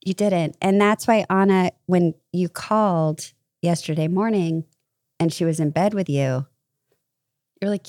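Rambly lady cohost, lowish warm voice, keeps restarting her sentences. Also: moderate pace, no echo, studio quality. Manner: rambling, self-interrupting. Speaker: podcast co-host. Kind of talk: casual chat.

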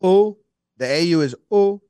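A man's voice: mid-range voice, animated, brisk, no echo. A man co-hosting a casual sports podcast, joking around and putting on mock accents. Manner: jokey, mock accents for laughs. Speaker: podcast co-host.

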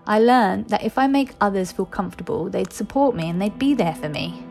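A woman's voice: medium pitch, animated, a little fast, vocal fry, a little mellow, faint music behind. A woman, reading her own personal essay in a candid, wry, conversational way. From East London, England.

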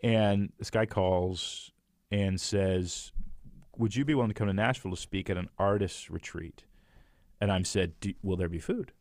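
A middle-aged man tells a long story in relaxed conversation, slipping into the voices of the people he quotes and breaking into laughter often. His voice sits a little low. He is recorded close and dry, with no room sound. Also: measured pace, no room sound. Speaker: guest author. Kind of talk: casual storytelling chat.

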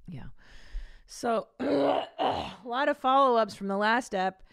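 A woman's voice: fairly high pitch, slow pace, gravelly, fairly bright tone, no echo, clean studio sound. A woman in her forties co-hosting a comedy podcast, chatting casually with blunt, profane jokes. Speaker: podcast co-host.

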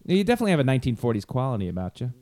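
A man with a mid-range voice in casual conversation, who keeps the talk moving with quick questions and short replies such as "right.". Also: medium pitch, sing-song, warm tone. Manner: quick interjections, prodding questions. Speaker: podcast co-host. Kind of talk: casual chat.

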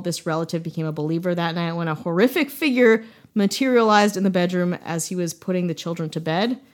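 A young woman from Wisconsin hosting a podcast, telling a ghost story in casual chat with jokes and frequent laughs. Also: on the low side. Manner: playful, jokey, laughs often. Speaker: podcast host.

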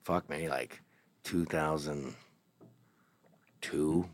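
A man in his forties, an actor guest, telling a profane, animated anecdote and doing voices of the people in it. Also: extremely low pitch, very slow, dry recording. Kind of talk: casual storytelling interview.

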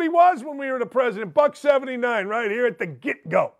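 The audio is dull, and the older man's voice is very high and creaky, expressive and fairly quick. On his sports radio show he mocks and rants sarcastically in an opinionated monologue, reading listener messages aloud.

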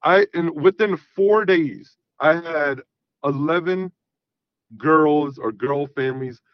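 A man in his thirties phones in to a talk show and casually tells a profane story, animatedly acting out the quoted dialogue. His voice sits on the high side and moves at a slow pace. The sound is lo-fi.

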